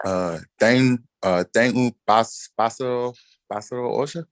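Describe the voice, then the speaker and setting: Slow, halting male language student. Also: medium pitch, a bit bright, clean tone, no echo. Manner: hesitant, halting, self-deprecating.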